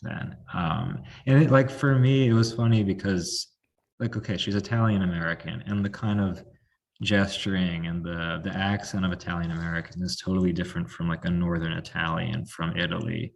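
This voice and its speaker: A man's voice: low-pitched, fairly even intonation, brisk, vocal fry. A man hosting a casual podcast chat, talking in a loose way with plenty of "like" and questions for his guest. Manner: chatty, lots of "like", quoting and asking. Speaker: podcast host.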